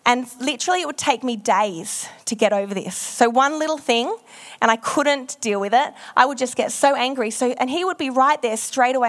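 Woman pastor preaching, kinda high voice, chatty and candid, lots of ums and likes. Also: moderate pace, fairly bright tone. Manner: candid, self-deprecating storytelling with frequent ums and likes. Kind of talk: sermon.

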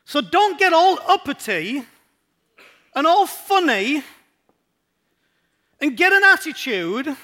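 A man's voice: very high-pitched, big pitch swings, slow, pauses often, pushed and bright. A male pastor preaching a sermon in a church, emphatic and repetitive as he drives his points home.

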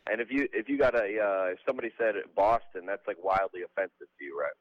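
A comedian from Georgia speaking in a lowish male voice, relaxed and chatty as he tells stories. The line sounds muffled and completely dry. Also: fast talker, no room sound. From Georgia, USA. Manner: loose, chatty storytelling. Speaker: comedian guest. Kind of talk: casual phone-in interview.

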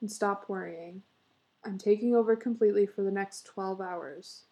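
An earnest, fussing husband, read aloud by a woman. He coaxes and insists. The voice is gravelly and warm. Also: mid-range voice, normal speed, natural voice. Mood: coaxing. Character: earnest husband, eager and fussing, middle-aged.

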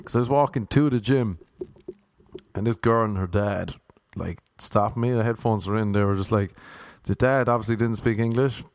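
A man's voice: lowish voice, normal speed, no echo, studio quality. An Irish man rambling through a comic monologue, self-mocking and full of rhetorical questions. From Ireland. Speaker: vlogger.

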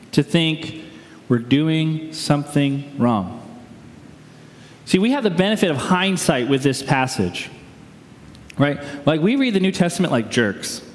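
Joking pastor preaching in an echoing hall. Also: male voice, fairly high pitch. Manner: conversational and joking, lively with quick asides. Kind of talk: sermon. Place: church sanctuary. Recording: long reverb of a large hall.

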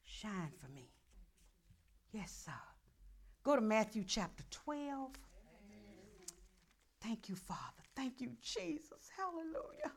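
A woman pastor, preaching a sermon that swings from murmured prayer to loud calls. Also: fairly high pitch, sing-song, slow, long pauses.

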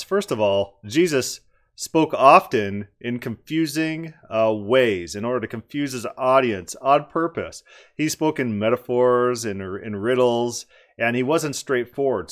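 A man giving critical commentary on a debate clip, emphatic and argumentative, repeating words for stress. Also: mid-range voice.

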